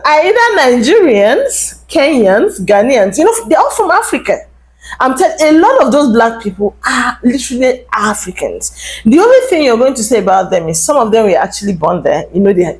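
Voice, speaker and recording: A woman's voice: a little high, low-quality recording. A young adult woman vlogger giving emphatic, casual commentary straight to her viewers. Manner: animated, emphatic, addresses viewers directly.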